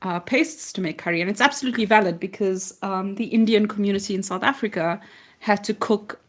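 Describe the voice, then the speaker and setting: A woman in easy conversation during a paint-along stream. She is talkative and quick to poke fun at herself, and she moves loosely from topic to topic. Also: mid-range voice, slight background noise. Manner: chatty, self-deprecating, jokey. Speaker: co-host of an art livestream. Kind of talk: casual chat while painting.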